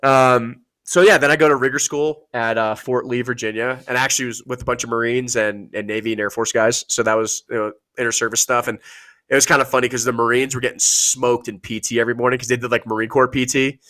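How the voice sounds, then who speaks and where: A man's voice: medium pitch, fast. A man, a podcast guest, telling casual, profane stories about his military service and acting out the people he quotes. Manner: profane, animated storytelling with acted-out quotes. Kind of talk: casual storytelling.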